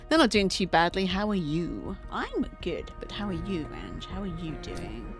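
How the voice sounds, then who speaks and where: Woman, livestream chat, animated up-and-down voice, casual swearing, faint music behind. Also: mid-range voice, a little slow, hardly any pauses, slightly rough. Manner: chatty and candid, greets chat by name, swears casually. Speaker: streamer. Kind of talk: casual livestream chat while setting up a game.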